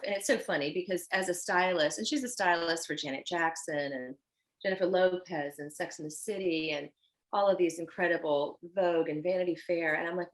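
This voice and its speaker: Woman designer guest, low-pitched, warm-hearted effusive storyteller in casual interview. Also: low-quality recording. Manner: earnest and effusive, animated when telling stories.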